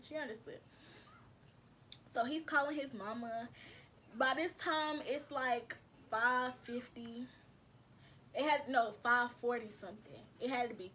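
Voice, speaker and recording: A woman's voice: on the high side, a bit bright, slight background noise. A woman vlogger casually telling her viewers a personal story, chatty and slangy, calling them y'all.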